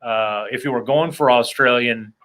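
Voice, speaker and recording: A man hosting a loose comedy chat, wandering off into jokes at his own expense. His voice is bright and forward at a middling pitch. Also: normal speed. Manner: rambling, self-deprecating, joking asides. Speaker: podcast host. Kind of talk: casual comedic interview chat.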